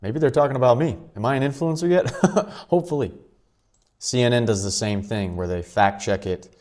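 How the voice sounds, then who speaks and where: A man hosting his own commentary vlog, talking quickly and offhandedly with chuckling asides. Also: medium pitch, a little mellow. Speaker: channel host.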